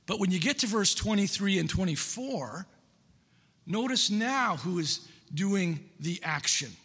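Emphatic high-voiced preacher in a reverberant hall. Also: male voice, lively intonation, measured pace, pushed and bright, breathy edge. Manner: earnest, emphatic, repeats key phrases. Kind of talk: sermon.

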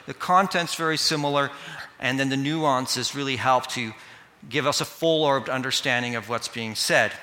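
Bright-voiced male pastor in a reverberant hall. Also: on the high side. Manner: earnest, addresses children directly. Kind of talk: sermon.

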